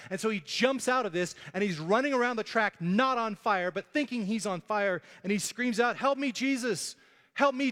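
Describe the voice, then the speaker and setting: A man with a high, fairly bright voice preaches a sermon in a large hall. As pastor, he tells the story animatedly and impersonates the voices of the people involved.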